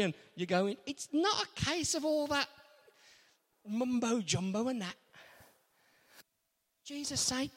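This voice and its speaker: Slow, animated preacher in a hall. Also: male voice, very high voice. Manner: animated, acts out quotes in voices. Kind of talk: sermon. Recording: long hall reverb.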